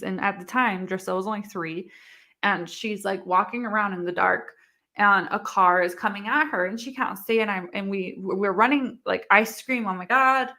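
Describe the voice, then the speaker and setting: A young woman speaks as an interview guest, her voice bright and forward. She tells her story in a loose, rambling way, packing it with "like" and acted-out quotes from the people involved. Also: mid-range voice. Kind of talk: candid casual interview.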